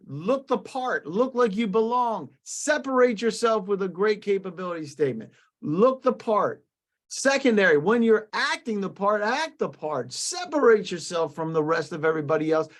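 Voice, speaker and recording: An upbeat, joking man with a fairly high voice hosts a business webinar over a video call. He talks in a loose, casual way and often restarts his sentences. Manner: upbeat, jokey, lots of restarts. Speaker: webinar host.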